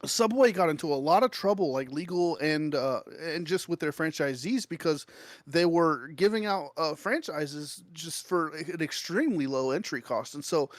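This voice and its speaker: A man co-hosting a casual talk stream, telling stories in an animated way and swearing often. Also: on the high side, normal speed, dry recording. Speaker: co-host. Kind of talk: casual chat.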